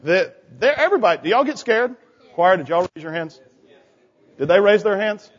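A man's voice sits high, with big pitch swings, a moderate pace, and a breathy edge. He is leading a children's sermon in a church sanctuary, using questions to coax the kids. Church hall reverb and dull lo-fi sound mark the recording.

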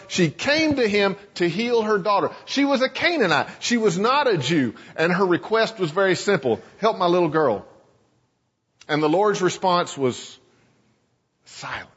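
A male pastor preaching in a church sanctuary, with a slightly husky voice that rises and falls with lively, animated pitch. The recording is dull and lo-fi, and a long echo hangs in the room. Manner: storytelling, dramatizing scripture. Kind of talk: sermon.

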